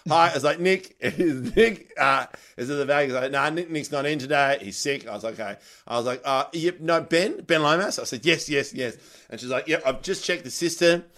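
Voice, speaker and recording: Fairly quick and barely pausing, a male comedian with a slightly high voice recounts a long anecdote during a casual podcast chat. He tells it with animation, laughing mid-story.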